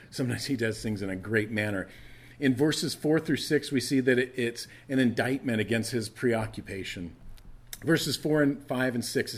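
A middle-aged male pastor preaching a sermon in a conversational way, often restarting his phrases. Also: fairly low pitch.

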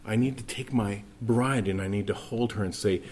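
A middle-aged man preaching a sermon as pastor, earnest and often dropping to a soft, intimate tone. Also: fairly low pitch, moderate pace, a little hiss or hum.

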